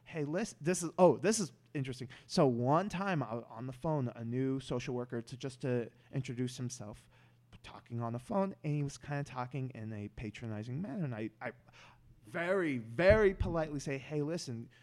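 A young man, a stand-up comedian, chatting casually on a podcast, animated and often restarting his words. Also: mid-range voice, a little fast.

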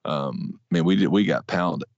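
A man's voice: deep voice, moderate pace, gravelly, no room sound. A man co-hosting a sports podcast, chatting casually in a rambling, self-deprecating way with lots of fillers. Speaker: podcast co-host. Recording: dry, dull lo-fi sound.

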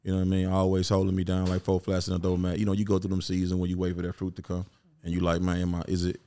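Speaking rapid-fire in a low, warm voice with completely flat delivery, this middle-aged rapper and producer from Memphis rambles as an interview guest. His Southern accent comes through, and "you know what I'm saying" keeps popping up in the casual chat.

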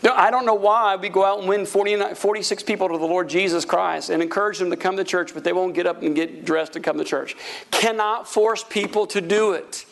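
Middle-aged pastor, high and gravelly, preachy delivery calling for amens. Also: male voice, a little fast. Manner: preachy, calls for amens, animated swings in pitch. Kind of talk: sermon.

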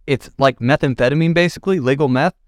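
A man's voice: mid-range voice, fast talker, no echo, clean studio sound. A man hosting a podcast in casual chat, crude and joking, rambling between topics. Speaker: podcast host.

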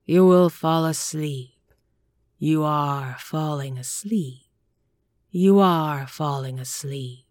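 A woman voicing a gaunt, sinister male stage hypnotist who speaks in a slow, sonorous, commanding voice with cool contempt. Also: low-pitched, darkish tone, dry recording, studio quality. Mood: hypnotic. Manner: measured and commanding, mocking.

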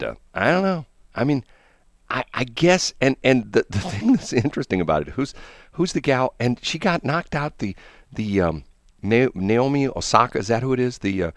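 Deep, gravelly morning radio host. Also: male voice, no echo, studio quality. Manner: rambling, joking, halting repeats. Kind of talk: casual on-air banter. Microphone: studio mic.

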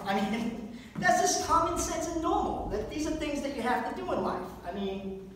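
A man doing a rambling stand-up comedy set at a fundraiser, breaking into high squeaky impressions and little sung bits. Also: big pitch swings, normal speed, a little hiss or hum. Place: event room at a fundraiser. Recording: roomy hall, mic far off.

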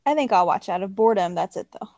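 Gravelly woman with brief, laid-back replies. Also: medium pitch, expressive, quick pace, warm tone, dry recording. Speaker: podcast co-host. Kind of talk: casual chat.

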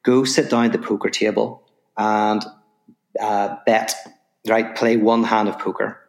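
A man's voice: on the low side, flat delivery, unhurried, vocal fry. A man voicing God in a spoken parable, giving blunt, offhand orders from heaven. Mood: commanding. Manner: blunt, casual commands.

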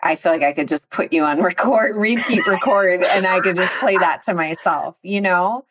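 A low-pitched woman hosts a podcast and speaks with warm, effusive appreciation for her guest. She talks conversationally and laughs often between her remarks. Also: moderate pace, noisy background. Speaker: podcast host, therapist. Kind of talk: conversational interview.

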